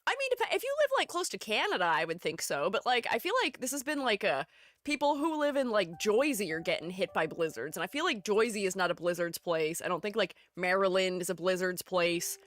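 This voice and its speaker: Chatty woman streamer, lively pitch. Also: fairly quick. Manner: chatty, reads chat aloud, laughs often. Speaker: streamer and art educator. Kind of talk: casual live-stream chat.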